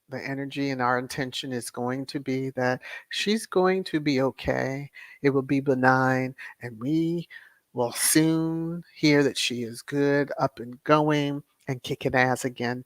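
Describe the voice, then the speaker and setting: Livestream host, casual and soothing, mid pitch, dry close mic, repeats affirmations while reading comments. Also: fairly bright tone, no room sound. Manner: reads viewer messages aloud and repeats thanks and affirmations.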